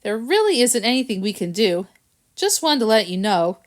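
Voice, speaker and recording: A woman's voice: fairly high pitch, sing-song, normal speed. Dry knowing male cat detective, voiced by a woman, smug, smart-mouthed.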